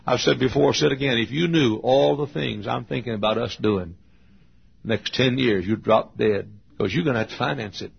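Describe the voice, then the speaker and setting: A male pastor preaching a sermon with emotional storytelling, swinging from hushed tones to shouts. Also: mid-range voice, moderate pace, creaky, slightly rough. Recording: dull lo-fi sermon recording.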